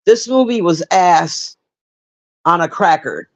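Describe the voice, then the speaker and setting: A woman's voice: fairly low pitch, animated, takes it slowly, muffled recording. A woman giving a casual, rambling movie review on a livestream, blunt and profane, chatting with viewers in between. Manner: chats with live viewers.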